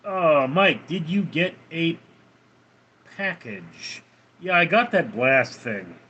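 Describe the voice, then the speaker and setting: A man's voice: fairly high pitch, lively intonation, slow pace, bright, forceful tone, breathy edge, highs cut off. A man casually chatting on a live stream, reading out viewer names and comments in a laid-back, chuckling way. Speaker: livestreamer reading chat.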